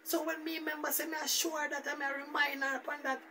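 A man's voice: very high-pitched, fast talker, far from the mic, noisy background. A man with a Jamaican Patois accent rambling through a casual, repetitive story as a vlogger. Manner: rambling, repetitive, animated retelling.

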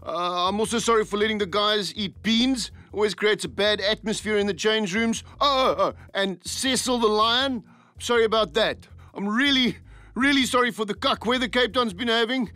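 A man's voice: high-pitched, moderate pace, bright, forceful tone, no echo. An actor voicing a desperate, middle-aged male rugby coach with a South African accent in a puppet satire, stammering through endless apologies. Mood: rambling.

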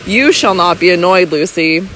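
A woman's voice: fairly low pitch, moderate pace, a bit bright, a little hiss or hum, close to an everyday voice, rough recording. A woman voicing a doting older male baronet, fond and reassuring, sometimes blustering, read close to her own voice.

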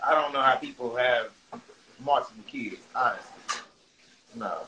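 A man's voice: medium pitch, moderate pace, pushed and bright, a little hiss or hum, rough recording. A man chatting casually on a livestream, laughing often and reading viewer comments aloud in a loose, rambling, profane way.

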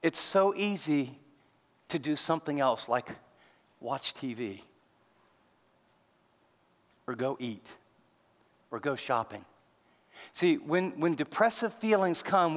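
A man with a high voice preaches animatedly, firing off question after question. His voice rings through a large hall with a long reverb. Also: fairly bright tone. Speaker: pastor. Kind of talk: sermon.

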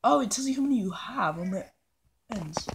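With a fake British accent, a woman hosting a gaming channel rambles through casual let's-play commentary, teasing herself playfully and trailing off into hummed nonsense. Her mid-range voice is animated, gravelly and a little fast, recorded on a phone with slight hiss or hum.

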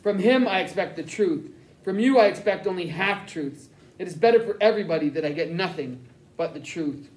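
A stern, cold German-speaking officer in an audiobook, clipped and crisp with quiet menace, as a man reads him. The voice sits high, and the room around it is echoey. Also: animated, a little fast. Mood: menacing. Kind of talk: audiobook character reading.

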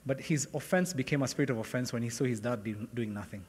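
A man's voice: mid-range voice, fast, darkish tone, a little hiss or hum. A middle-aged man, a pastor, preaching a sermon and telling a story from his own life, acting out the dialogue and laughing often. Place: large hall with long reverb. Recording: long hall reverb from a church sanctuary.

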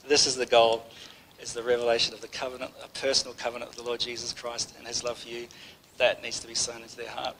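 A man's voice: medium pitch, monotone, quick pace, crowd noise, low-quality recording. Man giving a rambling, conversational sermon. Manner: conversational, rambling, with many restarts. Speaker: preacher. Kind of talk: informal sermon.

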